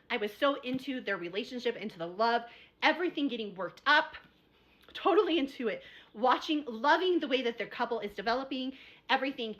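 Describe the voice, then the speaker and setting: Woman book vlogger, quick and slightly high-pitched, rambling and animated. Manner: rambling, repeats herself, gets worked up. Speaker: book reviewer. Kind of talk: casual chat, book review vlog.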